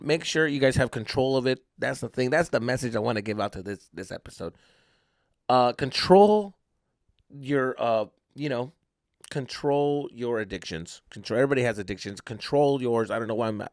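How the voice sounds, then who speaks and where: A man who hosts a comedy podcast, telling a story in an animated way, mixing Spanish slang into casual English and saying "dude" a lot. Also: on the high side, no room sound, clean studio sound. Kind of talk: comic storytelling.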